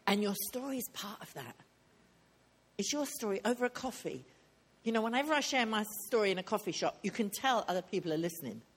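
A woman delivers a sermon at a retreat in a husky, breathy voice. Her pitch sits in an ordinary middle range. She talks like she's sharing over coffee, earnest and direct, and hammers her points home by repeating them. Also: lively intonation, fairly quick. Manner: earnest, conversational preaching with emphatic repetition. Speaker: speaker at a women's retreat.

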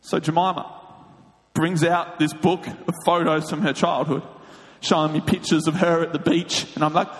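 Aussie guy telling a funny story, high voice, big hall echo. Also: moderate pace. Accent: Australian. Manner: animated, laughing asides. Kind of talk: comic storytelling. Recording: long hall reverb.

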